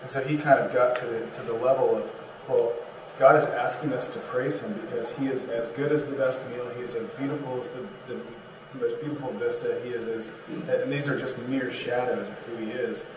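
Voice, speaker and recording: A man's voice: medium pitch, fairly even intonation, brisk, noisy background. Distant man in a very echoey room. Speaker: discussion participant. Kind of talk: casual discussion.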